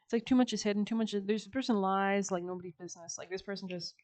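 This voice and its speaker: A woman's voice: mid-range voice, quick pace, darkish tone. A woman giving a casual, chatty tarot reading, full of slang and filler words and breaking into frequent laughs. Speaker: tarot reader.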